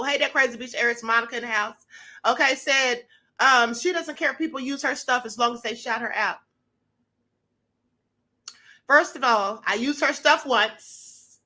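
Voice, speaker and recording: A woman hosting a live-streamed talk show, reading viewer shout-outs in a sassy, gossipy, teasing way, her voice a little hoarse. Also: sits high. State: slightly hoarse.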